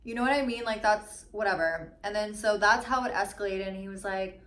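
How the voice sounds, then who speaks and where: A woman in her twenties ranting casually in a storytime vlog, full of "like" and swearing, mimicking other people in quick asides. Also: mid-range voice, fairly bright tone. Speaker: vlogger. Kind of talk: mukbang storytime rant. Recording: slightly echoey room with faint ambience.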